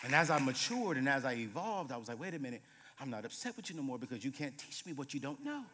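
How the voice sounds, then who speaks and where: A man in his late thirties, a guest preacher telling humorous stories in a sermon, moving between loud bursts and hushed moments. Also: mid-range voice, big pitch swings, fast talker, background noise. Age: 30s. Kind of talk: sermon with storytelling. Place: church sanctuary. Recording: reverberant church hall.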